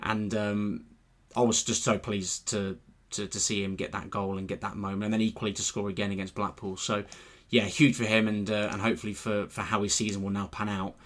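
A man's voice: on the low side, flat delivery, a little fast, fairly bright tone. A man co-hosting a football podcast, chatty and teasing with his co-host, laughing easily. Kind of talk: casual podcast chat.

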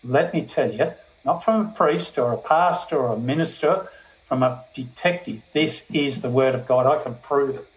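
An older man, a police chaplain giving a storytelling sermon testimony that slows down for emphasis. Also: mid-range voice, highs cut off. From Australia.

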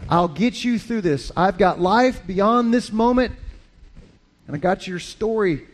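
A man preaching as a pastor, talking in a lively, conversational way with frequent restarts. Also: high-pitched, measured pace. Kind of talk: sermon.

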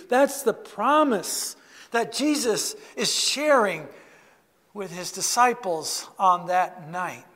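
Slow, high-voiced preacher in a hall. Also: male voice, big pitch swings. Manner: slow guided imagery, soft hushed passages. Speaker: pastor. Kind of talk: sermon. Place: church sanctuary. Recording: long reverb of a church hall.

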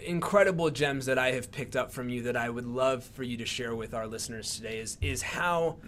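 A man co-hosting a podcast, asking a question in a halting way that restarts often. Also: medium pitch, a bit bright, a little hiss or hum. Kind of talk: casual chat.

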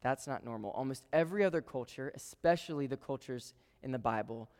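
Smooth-voiced man preaching in a reverberant hall. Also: medium pitch. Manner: conversational, playful asides to the congregation. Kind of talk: sermon. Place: church sanctuary with a live congregation. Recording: long reverb of a large hall.

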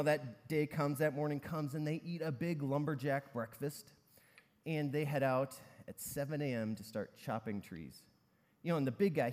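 A man's voice: on the high side, a little mellow. Chatty preacher man in a big hall. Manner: conversational storytelling with many fillers. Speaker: pastor. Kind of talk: sermon. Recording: long reverb in a large hall.

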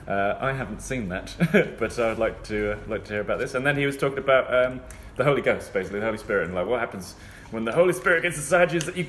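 A young Englishman rattles off a rambling story at a fast clip, laughing often and putting on mock voices along the way. His voice is mid-pitched. The room is echoey, with a faint hiss behind him. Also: animated, a bit bright. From England. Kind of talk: casual storytelling chat.

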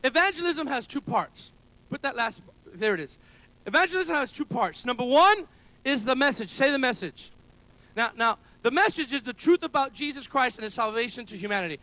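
A man preaching a sermon as pastor, calling out to the congregation for amens and rising to shouts. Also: very high-pitched, lively intonation, a little fast, no echo. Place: church service held in a school building.

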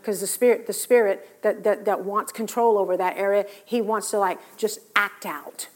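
A woman delivers a sermon, recounting Bible stories with animation and voicing the characters herself. Her pitch is medium and her speed normal.

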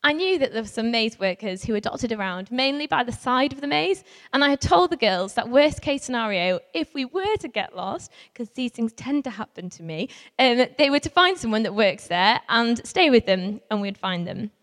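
A woman who works with young carers tells a lively, self-mocking story to a live audience, laughing as she goes. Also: on the high side, normal speed, few pauses. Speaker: young carers worker giving a talk. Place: large hall with a live audience. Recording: long reverb in a large hall.

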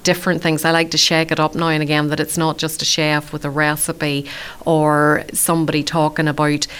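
Low, smooth-voiced woman. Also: level tone, fairly quick. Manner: chatty, warm-humoured and self-deprecating. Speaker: community radio food show presenter. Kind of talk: relaxed storytelling in an interview.

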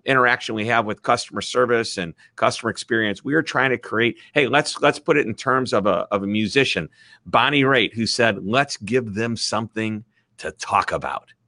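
A middle-aged man with a Midwestern American accent, an author speaking as an interview guest over a video call, talking with lively enthusiasm. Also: medium pitch, no echo, studio quality. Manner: enthusiastic, animated. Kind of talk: energetic interview talk.

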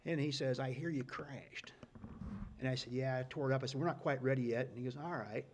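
A middle-aged man telling stories in a casual, folksy way, getting loud and excited at the punchlines. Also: mid-range voice, racing, a little hiss or hum. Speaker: guest storyteller. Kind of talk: casual storytelling.

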